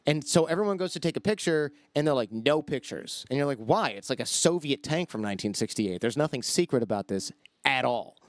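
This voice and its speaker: A man guesting on a podcast, telling stories in a casual, animated way and acting out the quoted voices. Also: medium pitch, fast, no room sound, studio quality. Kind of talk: casual storytelling.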